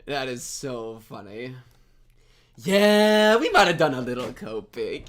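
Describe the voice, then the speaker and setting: A young man chats casually with viewers on a live stream, giggling, poking fun at himself, and reacting to what they send him as he talks straight to chat. His mid-range voice swings widely in pitch, sounds slightly bright, and moves at a measured pace.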